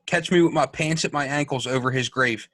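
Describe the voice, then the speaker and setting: A man's voice: mid-range voice, a little fast, fairly bright tone, dry recording. Blunt, foul-mouthed male podcast co-host. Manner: blunt, heated, heavy swearing. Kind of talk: casual chat.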